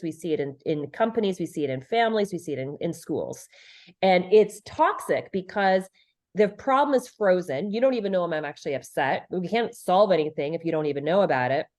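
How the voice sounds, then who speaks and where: A woman's voice: mid-range voice, darkish tone. A middle-aged woman, a leadership and relationship expert, talking as a podcast guest in an earnest, emphatic way. She repeats phrases for stress and acts out quoted lines. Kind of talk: conversational podcast interview.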